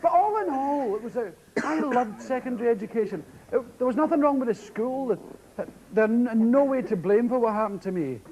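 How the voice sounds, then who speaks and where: A Scottish man doing a stand-up storytelling set, lively and animated, often mimicking others in sharp high voices. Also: a little fast, low-quality recording. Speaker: comedian. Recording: 1980s TV audience show, loud crowd and noise. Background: loud audience laughter.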